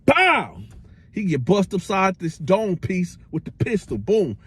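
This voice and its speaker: A man hosting a casual storytime, telling a prison tale in animated slang with his own sound effects. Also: high voice, measured pace, slightly rough. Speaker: storyteller host.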